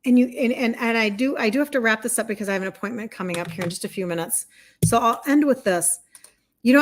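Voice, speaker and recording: On a livestream, a woman in her fifties who works as a health and wellness coach reads viewer comments and talks openly and from the heart. Her voice is medium in pitch.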